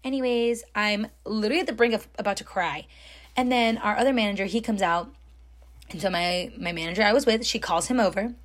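A young woman telling a story in a casual, chatty way, full of fillers and animated when she quotes people. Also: medium pitch, brisk. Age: young adult. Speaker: storytime host.

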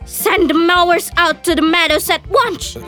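A woman playing a proud, quarrelsome young lady who insists and shouts back in an argument. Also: extremely high pitch, moderate pace, soft background music. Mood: indignant. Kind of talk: amateur stage play reading.

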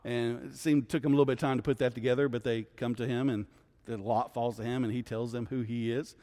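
Male pastor, mid pitch, conversational bible teacher, reverberant hall sound. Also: little pitch movement, fast, dark tone. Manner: conversational, keeps asking "right?". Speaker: guest pastor.

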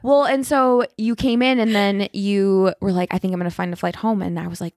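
A woman's voice: mid-range voice, steady tone, fairly quick, darkish tone, no room sound, studio quality. A young woman co-hosting a podcast, rambling through a story in casual chat, full of fillers and swearing. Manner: rambling, filler-heavy retelling, swears freely. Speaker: podcast co-host.

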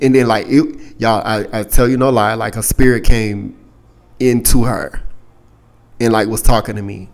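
Young adult man, lowish voice, podcast host, casual storytelling, candid and profane. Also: measured pace. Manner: candid, profane, animated when quoting others.

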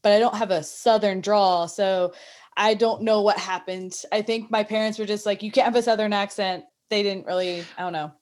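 A woman's voice: mid-range voice, steady tone, moderate pace, darkish tone. A woman co-hosting a podcast, chatting casually in a self-deprecating way. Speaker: podcast co-host. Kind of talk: casual chat.

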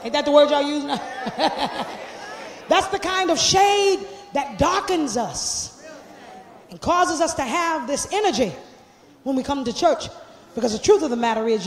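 A man preaching a sermon, shouting and joking with the congregation, then dropping low and quiet, in a church sanctuary. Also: expressive, moderate pace, reverberant, a little hiss or hum. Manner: joking, laughing asides in casual church slang.

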